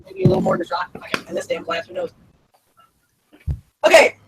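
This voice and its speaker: A woman's voice: extremely high pitch, a little fast, gravelly, heavy background noise. A woman hosting a casual drunk livestream, narrating what she does on camera. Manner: lively, self-narrating. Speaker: stream host.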